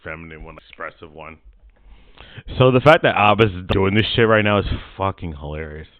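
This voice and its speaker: A man's voice: sits low, lively intonation, fairly quick, no room sound. A man giving casual, profane reaction commentary, often muttering and laughing in asides. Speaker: reaction streamer. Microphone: desk mic he keeps moving. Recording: tinny phone-like dry sound.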